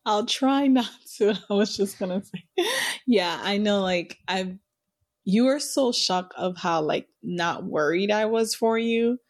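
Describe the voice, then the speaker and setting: A woman co-hosts a podcast in easygoing casual chat. She is playful and laughs easily, with a mid-range pitch. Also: a little slow. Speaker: podcast co-host.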